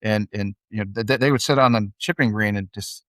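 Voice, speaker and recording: A man's voice: lowish voice, a little fast, a bit bright, no room sound. A man hosting a podcast who talks casually, often stumbling and repeating words as he thinks aloud. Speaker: podcast host.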